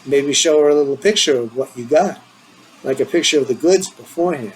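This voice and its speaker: A man voicing a boastful, defensive teenage boy, in a low, muttered manner. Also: brisk, slight background noise, close to an everyday voice, low-quality recording.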